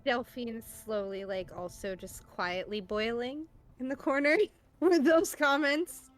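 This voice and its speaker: Measured woman player at a tabletop game. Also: fairly high pitch, faint music behind.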